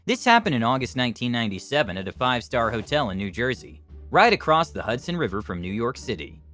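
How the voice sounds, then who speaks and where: A man reading online stories aloud and then commenting on them, in a lively storytelling manner. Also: medium pitch, quick pace, faint music behind. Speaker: story channel narrator.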